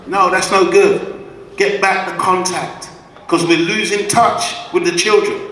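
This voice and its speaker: A guest speaker at a community event, a man with a high, fairly bright voice, gives an emphatic, preacher-like address to a live audience that answers him back. His intonation stays fairly even and his pace is a little slow. The community hall is echoey, and he sounds far off.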